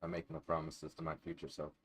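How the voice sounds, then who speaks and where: A man's voice: extremely low pitch, completely flat delivery, fast, a bit bright, breathy edge. A man chatting casually in a vlog at home, digressive and profane, with self-deprecating asides. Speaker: vlogger. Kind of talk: casual rambling vlog chat.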